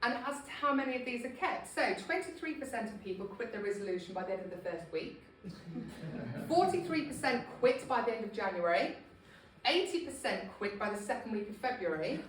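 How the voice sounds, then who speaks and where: A woman's voice: on the high side, lively intonation, a little fast, slight background noise. A woman from Scotland giving a humorous, informal talk to a small group, laughing at herself often. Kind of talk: chatty informal presentation. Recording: echoey room, voice from a distance.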